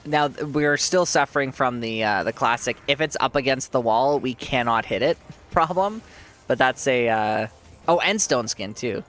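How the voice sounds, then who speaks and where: A man's voice: medium pitch, moderate pace, a bit bright, faint music behind. Chatty, often-laughing male game streamer. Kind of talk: casual live-stream gameplay commentary.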